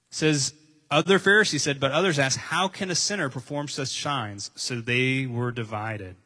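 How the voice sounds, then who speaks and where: A man's voice: medium pitch, sharp tone. A man preaching a conversational sermon, reading scripture and asking his listeners questions. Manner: conversational, asks listeners questions, repeats phrases for emphasis. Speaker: pastor.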